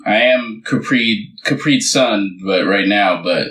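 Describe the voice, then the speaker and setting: A man's voice: lowish voice, slow, pushed and bright, roomy sound. A man co-hosting a podcast in loose, rambling casual chat, full of fillers and restarts. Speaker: podcast co-host.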